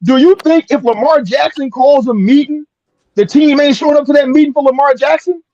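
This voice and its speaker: High-voiced guy cracking crude jokes, dry dull mic sound. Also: brisk, darkish tone, dry recording. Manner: blunt, crude joking, laughs a lot. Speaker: panelist. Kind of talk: casual sports talk.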